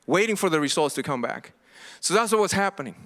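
A man's voice: fairly high pitch, lively intonation, fast talker, fairly bright tone. A middle-aged man preaching a sermon as pastor, earnest and impassioned, often restarting and repeating himself.

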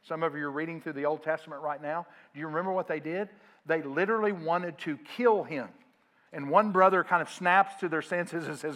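Preaching a sermon in a fairly high voice at a fairly quick pace, a male pastor urges his congregation to respond aloud. His delivery shifts from loud, emphatic moments to quiet asides.

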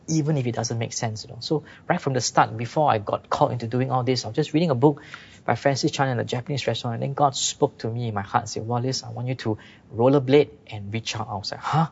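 Gravelly-voiced preacher. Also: male voice, medium pitch, muffled recording. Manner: conversational, frequent "you know". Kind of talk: sermon.

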